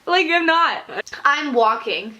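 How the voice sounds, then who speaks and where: A young woman co-hosting a casual chat, telling animated stories and acting out her customers. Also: high-pitched, takes it slowly, highs cut off, slight background noise. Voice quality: animated storytelling, acts out customers. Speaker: podcast co-host.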